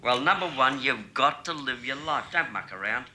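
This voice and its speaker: An actor playing a late-night radio talk host, who speaks to a caller in a soothing, upbeat, coaxing way. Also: male voice, medium pitch, expressive, moderate pace, pushed and bright, slight background noise, poor audio. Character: cheerful radio host, earnest and reassuring. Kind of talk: film drama acting.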